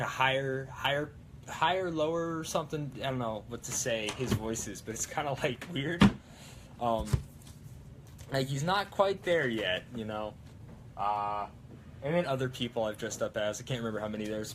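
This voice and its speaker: A young man hosts a prop-building live stream, chatting casually in a mid-range, fairly bright voice. He rambles with plenty of fillers and restarts, and there is slight background noise.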